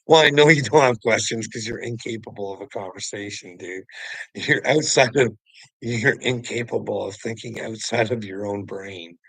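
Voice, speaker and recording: A livestream host delivers a taunting monologue straight to a viewer, profane and preachy, mocking him, laughing often, and calling him "bud" and "brother." His voice is lowish with a fairly bright tone at normal speed. There's no room sound, but the recording is rough.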